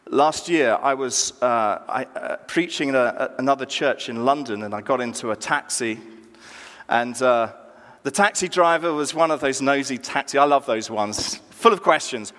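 A man preaching a sermon as pastor, animated and acting out dialogue with rising emphasis, recorded in a church. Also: medium pitch, moderate pace. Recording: church hall reverb.

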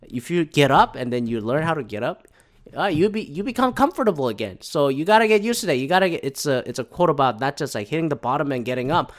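A man's voice: fairly high pitch, quick pace. A man hosting a casual solo podcast, rambling and swearing freely as he talks through his thoughts. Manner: rambling, profane, animated, self-talking asides. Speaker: podcast host.

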